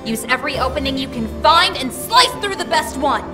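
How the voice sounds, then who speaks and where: A brisk, demanding sword mistress, as a woman puts her on, high-pitched and commanding. She sounds distant, with game music plainly behind her. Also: animated. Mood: instructive. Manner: commanding, encouraging. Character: confident female sword instructor, brisk and demanding. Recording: distant voice over clear music.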